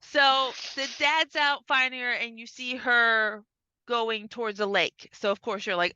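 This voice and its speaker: A bright, clear-voiced woman chatting on a podcast, retelling a film and jumping up in pitch to play each character's lines. The sound is dry and a little muffled. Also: unhurried, no room sound. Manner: animated, acts out characters' lines with big pitch jumps. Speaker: podcast co-host. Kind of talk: casual chat recapping a film.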